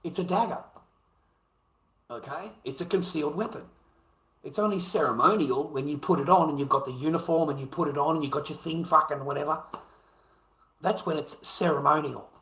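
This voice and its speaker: A man's voice: a little high, fairly quick, long pauses, bright, forceful tone, echoey room, poor audio. A man with an Australian accent, ranting heatedly to camera and swearing constantly as he repeats his points. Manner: profane, heated, repetitive.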